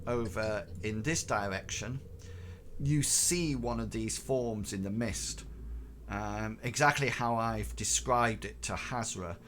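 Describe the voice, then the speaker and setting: A man narrating as game master, hesitant and full of fillers and restarts. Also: medium pitch. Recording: noisy recording.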